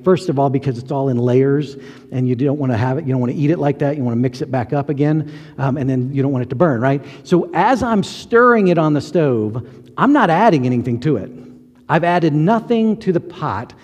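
Male pastor, casual sermon delivery, warm husky tone, reverberant church hall. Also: medium pitch, animated, a little fast. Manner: conversational, rhetorical questions, acts out quotes.

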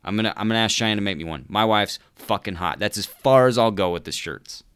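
A man's voice: on the low side, animated, fast, a bit bright, smooth. A man hosting a podcast, ranting sarcastically and with exasperation, swearing constantly and calling people "dude". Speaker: podcast host. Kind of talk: profane comedic rant.

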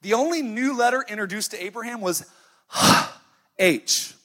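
A man in his thirties preaching a sermon as pastor, emphatic and story-driven with sighs and dramatic pauses. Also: very high-pitched, animated, sharp tone. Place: church sanctuary, live. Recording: faint music behind.

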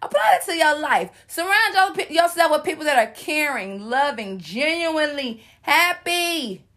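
A young woman with a high voice talks straight to her listeners in a loose, sassy advice monologue. She is playful and preachy, full of slang and teasing asides. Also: expressive, measured pace, fairly bright tone. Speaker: host giving life advice.

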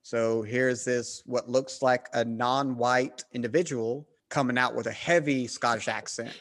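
A man's voice: mid-range voice, unhurried. A man from the United States talking casually, telling stories and acting out other people's quoted voices. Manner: animated storyteller, acts out quoted voices. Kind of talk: casual conversation.

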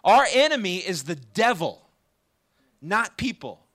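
Talking a little slowly in a high voice, a man delivers a sermon to a campus ministry crowd. He's animated and chatty, often pausing to ask the audience questions.

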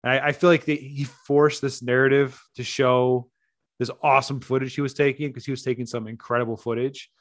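A man's voice: medium pitch, flat delivery, fairly quick, dry recording, clean studio sound. A man co-hosting a podcast in casual chat, blunt, cursing freely and laughing between his points. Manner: blunt, swears freely, laughs mid-sentence. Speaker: podcast co-host.

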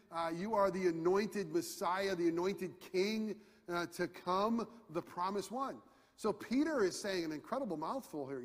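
Animated preacher in a reverberant hall. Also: male voice, fairly high pitch. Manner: animated, conversational, swings from quiet to shouting. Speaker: pastor. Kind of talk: sermon.

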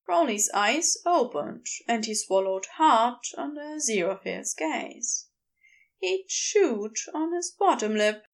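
Slow, expressive woman narrator. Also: a little high. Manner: slow, lingering, expressive reading. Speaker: audiobook reader. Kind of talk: fan fiction narration.

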